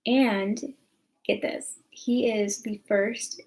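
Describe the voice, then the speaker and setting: Chatty young woman with vocal fry. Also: mid-range voice, fairly even intonation, extremely slow, darkish tone, poor audio. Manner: chatty, rambling, lots of fillers. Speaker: vlogger. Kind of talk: casual chat to camera.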